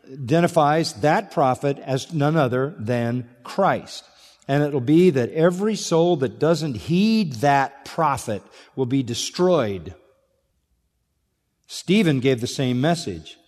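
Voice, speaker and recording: A man's voice: a little high, a little mellow, in a large hall. A man preaching an expository sermon, emphatic, rising on rhetorical questions and dropping to near-whispers.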